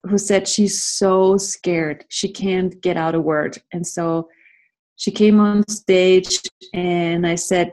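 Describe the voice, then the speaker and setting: Slow-talking woman coach on a video call. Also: on the low side. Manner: laughs often, playful and animated. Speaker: workshop facilitator. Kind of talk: live online class talk.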